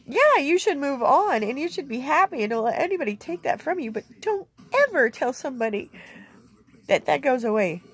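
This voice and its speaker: A woman's voice: sits high, big pitch swings, moderate pace, fairly bright tone. Emotional plainspoken middle-aged woman vlogging. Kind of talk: candid personal vlog. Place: inside a camper.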